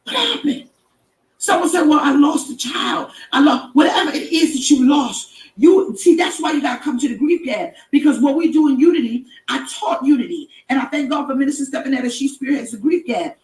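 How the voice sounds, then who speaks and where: A woman hosting a live stream, giving an emphatic preaching-style motivational talk that repeats phrases and rises to shouts. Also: high voice, lively intonation, fairly quick, far from the mic. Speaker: inspirational live-stream host. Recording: echoey room, off-mic with background noise.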